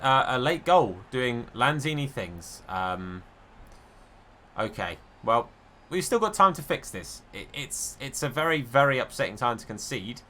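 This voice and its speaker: A man talks through his own football video game match as he plays it. His voice is bright and forceful. He is chatty and self-deprecating, and swings between excitement and disappointment. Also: medium pitch, a little slow, a little hiss or hum. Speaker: gaming YouTuber.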